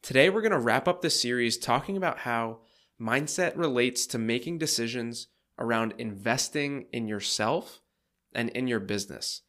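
A man's voice: medium pitch, creaky, a bit bright. A man in his thirties with a congested, stuffy voice, hosting a podcast and talking listeners through an episode in a friendly, organized way. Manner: friendly, organized, faith-focused coaching tone. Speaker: podcast host. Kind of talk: casual podcast monologue.

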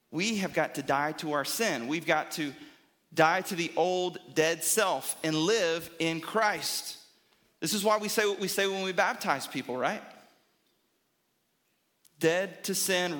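A man's voice: fairly high pitch, a little slow, sharp tone. A man preaching a sermon as a pastor, emphatic and rhythmic, often checking in with "right?". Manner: emphatic, repeats phrases for rhythm, asks "right?".

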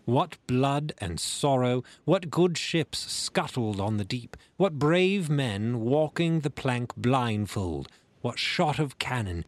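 A man narrating a classic adventure novel in a measured, expressive reading. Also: medium pitch, no echo. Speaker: audiobook narrator. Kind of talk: storybook reading.

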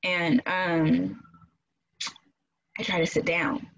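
A woman casually telling a personal story in an animated way, acting out quoted voices and laughing often. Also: fairly low pitch, extremely slow, creaky, husky, dull audio. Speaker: guest telling her birth story.

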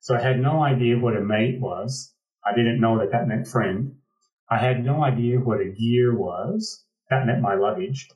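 An American man from the Pacific Northwest tells a story in a reflective, conversational way and often restarts his sentences. His voice has a middle pitch. The recording is roomy, and he sounds some distance from the mic. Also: moderate pace, darkish tone, dull audio. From Pacific Northwest, United States.

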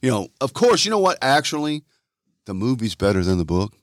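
A male historian chatting as a podcast guest, wry and jokey, his pitch jumping up when he gets animated. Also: fairly quick, no echo, clean studio sound. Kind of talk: casual conversation.

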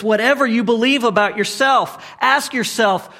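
A man preaching a sermon as a pastor. He asks emphatic, repeated rhetorical questions and swings from loud to hushed. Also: high-pitched, normal speed, few pauses.

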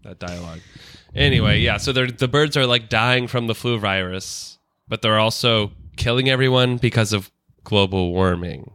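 A man co-hosting a casual movie podcast, animated and quick to laugh. His voice is bright and forward, captured dry and close on the mic. He riffs loosely and swears now and then. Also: lowish voice, clean tone, no room sound. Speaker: podcast co-host.

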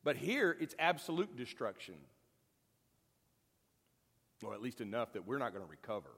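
A man's voice: medium pitch, very animated, moderate pace, creaky, fairly bright tone, husky. A man teaching a Bible lesson in a folksy, conversational, joking way. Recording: long hall reverb.

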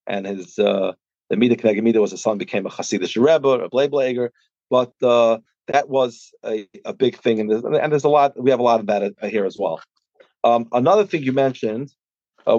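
A man's voice: mid-range voice, darkish tone, no room sound. Guy explaining stuff casually, lots of restarts and ums, dry close sound, kinda muffled. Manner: halting, with many restarts and fillers. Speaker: podcast guest discussing a published book.

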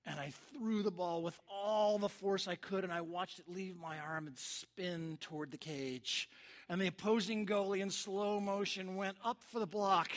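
A man preaching a sermon, telling a sports story with lively acted-out quotes and shouts. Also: sits high. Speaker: pastor.

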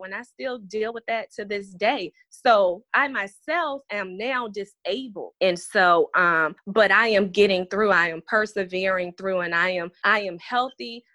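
A woman's voice: mid-range voice, pushed and bright, no echo. A woman in her thirties, a special education teacher, speaking earnestly and reflectively as an interview guest. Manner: earnest, reflective, reads letters aloud. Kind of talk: heartfelt interview talk.

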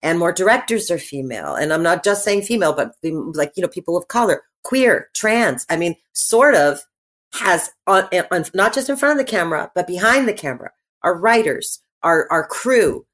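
A middle-aged woman chats as a guest on an interview show, her voice sitting a little low. She talks in animated, rambling bursts, restarting sentences and filling pauses with "you know" and "like". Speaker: actress and podcast guest. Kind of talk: casual interview chat.

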